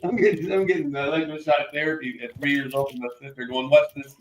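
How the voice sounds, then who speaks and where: A middle-aged man co-hosting a casual morning talk show, telling lively stories with laughter and putting on voices of the people in them. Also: on the high side, quick pace, reverberant, poor audio. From Florida. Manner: animated, laughing, acts out voices in his stories. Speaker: co-host. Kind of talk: casual storytelling chat.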